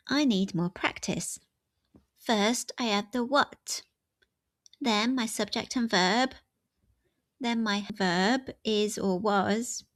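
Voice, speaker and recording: A woman's voice: mid-range voice, dry recording. A woman teaching an English grammar lesson, walking through example sentences step by step.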